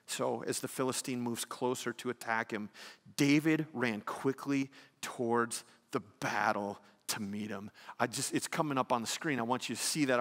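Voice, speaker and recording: A male pastor preaching an animated sermon, swinging between loud exclamations and hushed emphasis. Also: mid-range voice. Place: church sanctuary. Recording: long reverb of a church hall.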